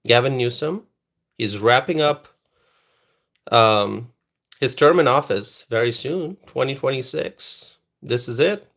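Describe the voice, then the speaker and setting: Hosting a live political stream, a man with a fairly bright, mid-range voice addresses his chat viewers directly and repeats phrases for emphasis.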